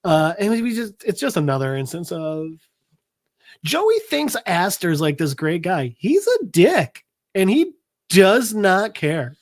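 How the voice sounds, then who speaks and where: A man on a podcast recapping a comic book issue in a casual, profane, animated way, acting out the characters' lines as he goes. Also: high voice, measured pace. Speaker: podcast co-host presenting a comic segment.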